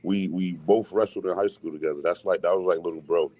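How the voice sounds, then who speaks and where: A man talking as a boxing guest in casual chat, laid-back, with street slang and quick laughs. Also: sits low, fairly even intonation, dark tone. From Hartford, Connecticut. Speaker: guest boxer.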